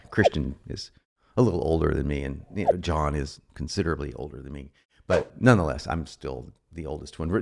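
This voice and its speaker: Animated man teaching copywriting. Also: lowish voice. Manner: animated, joking asides, lively delivery. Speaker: copywriting instructor. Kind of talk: informal teaching.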